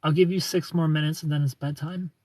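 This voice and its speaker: Here a young man from the United States, Southern accent and all, runs a laid-back livestream and teases viewers by name as he greets them. The voice is fairly high, a little mellow, fairly even in intonation, and a touch quick.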